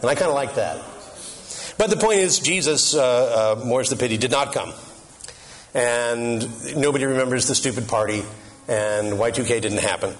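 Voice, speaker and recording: A man's voice: medium pitch, normal speed. A middle-aged man gives a humorous Catholic talk in a conversational tone. His voice sits in an ordinary middle register, and he jokes and throws questions out to the listeners. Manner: joking, conversational, asks the audience questions. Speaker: Catholic speaker.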